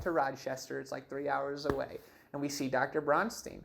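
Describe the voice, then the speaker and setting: Young man, casual storytelling, animated, chatty with fillers, acts out quoted dialogue, mid-pitched voice. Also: moderate pace, creaky, slight background noise. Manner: animated, full of fillers like "like" and "you know what I mean". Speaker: interviewee telling his life story.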